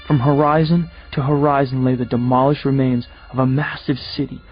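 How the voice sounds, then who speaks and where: A man narrating a first-person audiobook in a steady, measured storytelling voice. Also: medium pitch, dull audio, faint music behind.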